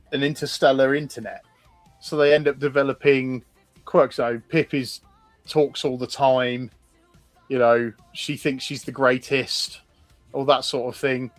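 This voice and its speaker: A man's voice: mid-range voice, no echo. A man co-hosting a livestream, casually explaining characters with frequent ums and restarts. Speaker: co-host presenting concept art.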